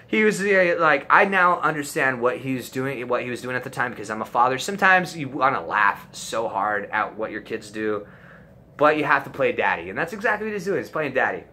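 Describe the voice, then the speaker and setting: A man telling a personal story in a crude, animated way, swearing freely. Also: medium pitch, moderate pace, slight background noise. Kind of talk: profane comic storytelling.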